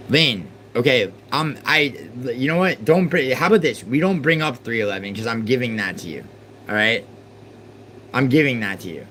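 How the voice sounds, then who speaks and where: A man hosting a live stream, arguing with his chat and swinging from exasperated outbursts to low muttering. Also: a bit bright, slight background noise. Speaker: livestream host.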